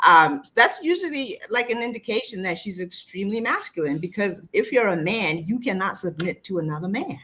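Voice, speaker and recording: A woman's voice: medium pitch, lively intonation, brisk, few pauses, sharp tone, husky. A woman co-hosting a casual discussion show, earnest and explaining, who makes her points firmly and simply. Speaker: co-host.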